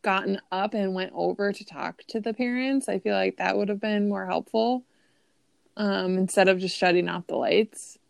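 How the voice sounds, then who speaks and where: A woman's voice: medium pitch, fairly even intonation, moderate pace, vocal fry, dry recording. A woman co-hosting a casual chat, talking hesitantly with a lot of fillers. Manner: hesitant, full of "like" and "um".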